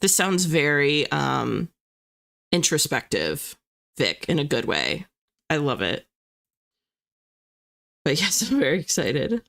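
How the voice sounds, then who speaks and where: A woman's voice: low voice, sing-song, takes it slowly, creaky, pauses often, a bit bright. A young woman hosting a writing livestream, chatting in a bubbly way and reading viewers' messages aloud. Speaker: livestream host of writing sprints. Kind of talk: casual chat to live viewers.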